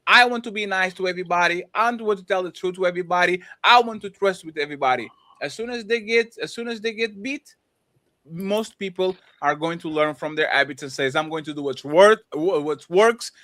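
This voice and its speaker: A man with a fairly high voice co-hosts a relaxed discussion. He argues animatedly and keeps tossing out rhetorical questions as he makes his case. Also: fairly quick. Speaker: podcast co-host. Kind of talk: casual discussion.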